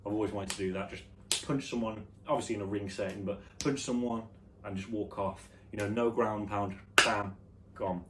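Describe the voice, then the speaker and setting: A young British man vlogging in a low-energy, offhand, musing way, rambling through casual chat. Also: fairly even intonation, moderate pace. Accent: British English. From United Kingdom. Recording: slightly distant mic with faint background noise.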